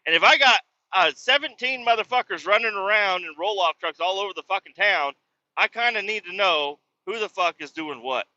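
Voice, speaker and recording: A man's voice: high-pitched, animated, moderate pace, sharp tone, dry recording, highs cut off. A man in his thirties hosting a solo podcast, ranting casually and profanely in a rambling, exasperated way. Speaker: podcast host.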